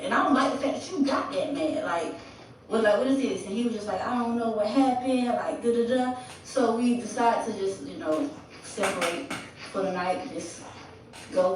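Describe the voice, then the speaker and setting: A young woman in her twenties rambles through a storytime vlog, lively and blunt, cursing freely and voicing the quotes herself. She sounds set back from the mic in a very echoey room, with a faint hiss underneath. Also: medium pitch, far from the mic. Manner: animated, swears freely, acts out quoted dialogue. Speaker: vlogger telling a personal story. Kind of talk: casual storytime monologue.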